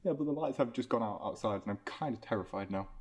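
A man's voice: on the low side, lively intonation, fast, darkish tone. A young man co-hosting a casual podcast, joking, swearing and teasing his friend. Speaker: podcast co-host. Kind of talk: casual chat.

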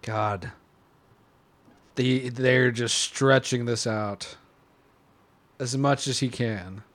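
A man chatting casually while watching a film, animated and laughing as he explains scenes. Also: medium pitch, extremely slow. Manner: animated, laughing, quoting lines. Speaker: movie watch-along commentator. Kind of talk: casual chat over a film.

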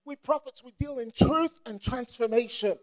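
A man preaching a sermon with passion, breaking into shouts and mimicking people to make his points. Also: very high voice, normal speed.

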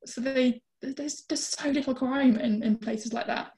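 A British woman telling a travel story as a guest, chatty and lively with lots of fillers. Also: high-pitched, unhurried. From Britain. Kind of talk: casual storytelling chat.

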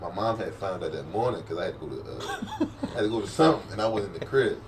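A young man with a low, lively voice tells a long story and keeps laughing through it. He acts out the other people in it. He sits back from the mic, and clear noise runs behind him. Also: fast talker, distant mic. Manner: laughing often, acting out quotes. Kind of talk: casual storytelling chat. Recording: noisy room, mic set back.

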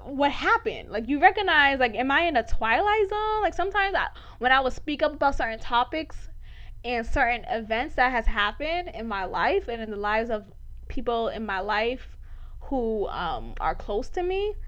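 A woman with a high voice hosts a faith podcast in a candid, animated monologue. She laughs easily and leans on "like" as she talks. The audio is dull and lo-fi. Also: normal speed. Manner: candid, animated, laughs often, says "like" a lot. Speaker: podcast host.

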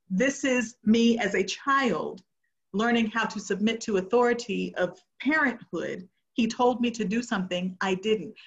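A middle-aged woman delivers a sermon in an earnest storytelling way, going quiet and hushed at the tender parts. Her voice sits at an ordinary middle pitch. The recording is muffled and slightly lo-fi. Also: moderate pace. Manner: earnest, storytelling, drops to soft tones for emotional moments. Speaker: preacher. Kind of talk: sermon with personal testimony. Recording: muffled lo-fi sound.

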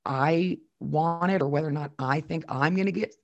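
A man, a former radio host now co-hosting a podcast, chatting casually and jokingly, with sudden loud laughing outbursts. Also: a little high, moderate pace, vocal fry, lo-fi sound. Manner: jokey, breaks into loud laughing exclamations. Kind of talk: casual chat.

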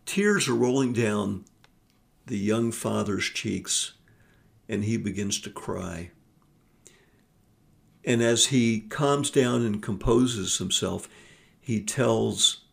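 A man telling a story in a casual, earnest vlog monologue, with frequent fillers and restarts. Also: fairly low pitch. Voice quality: gravelly. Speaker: vlogger on forgiveness.

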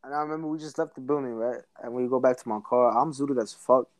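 A man's voice: medium pitch, fast talker. A young man casually telling a story to a friend, full of slang and swearing, laughing as he goes. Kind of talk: casual chat.

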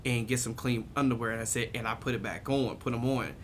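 A man's voice: mid-range voice, fast talker, fairly bright tone. A young man spins a rowdy story in casual conversation. He keeps laughing and swearing, mimicking the voices of the people he quotes. A faint hum sits under the recording. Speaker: podcast co-host telling a story.

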